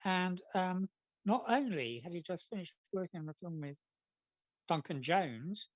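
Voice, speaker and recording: A man's voice: sits high, animated, a little slow, no echo, highs cut off. A man, a comic artist guest, chatting casually and telling rambling anecdotes, acting out what people said.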